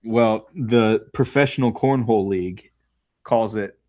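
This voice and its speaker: A man's voice: on the low side, a little slow, darkish tone, dry recording, clean studio sound. A man co-hosting a podcast in casual chat, laughing often and teasing the others. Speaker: guest co-host.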